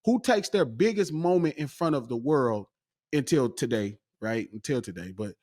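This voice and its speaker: A man from the West Coast of the US, a guest on a podcast, tells a story in a casual chat. His mid-range voice moves at a moderate pace, and he gets animated and excitable as he acts out the quoted dialogue.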